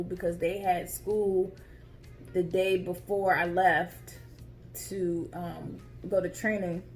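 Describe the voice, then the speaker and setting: A woman talks straight to her viewers and tells her own story. She is chatty and expressive, and she keeps calling them y'all. Her voice sits at an average pitch, with soft music playing faintly behind her. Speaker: vlogger telling her story. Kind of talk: casual storytelling to camera.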